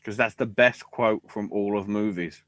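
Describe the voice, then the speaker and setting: A man hosting a wrestling podcast, talking casually with sarcasm and swearing, and acting out quotes in loud bursts. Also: lowish voice, normal speed, dry recording, clean studio sound.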